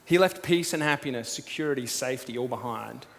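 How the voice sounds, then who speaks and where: A pastor giving a sermon as casual storytelling, swinging from loud to hushed. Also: male voice, mid-range voice, brisk, creaky. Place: church auditorium. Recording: long hall reverb.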